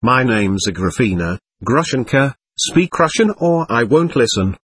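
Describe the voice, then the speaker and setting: A man's voice: medium pitch, sing-song, measured pace, fairly bright tone, a little hiss or hum. A man reading as a fiery, proud young woman. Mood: impatient. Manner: furious, cutting.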